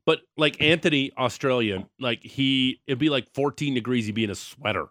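A man's voice: medium pitch, moderate pace, fairly bright tone, dry recording. A man co-hosting a sports radio show, telling stories and teasing in casual banter from a studio. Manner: joking, storytelling, teasing. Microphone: studio microphone.

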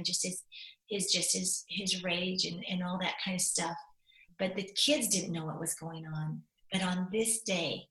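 Candid woman telling a personal story, roomy sound. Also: on the low side. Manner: candid, animated, voice breaking into tears at times. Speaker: guest. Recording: roomy echo.

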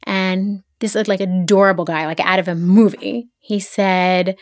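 A middle-aged woman from the Philadelphia area, a podcast guest, chatting casually and telling stories with quick asides. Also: medium pitch, no room sound, clean studio sound. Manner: animated storyteller, quick asides. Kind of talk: casual interview chat.

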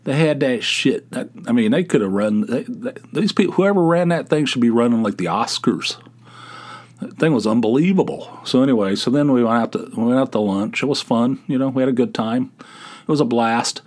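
A middle-aged man hosting a podcast, telling a rambling, self-deprecating story in a casual solo monologue and acting out the voices of people he quotes. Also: mid-range voice. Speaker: podcast host.

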